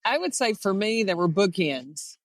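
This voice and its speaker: A woman's voice: medium pitch, sing-song, normal speed, no room sound. A middle-aged woman, a former head coach, reminiscing in an interview and acting out quoted dialogue as she tells her stories. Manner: storytelling that acts out quoted dialogue.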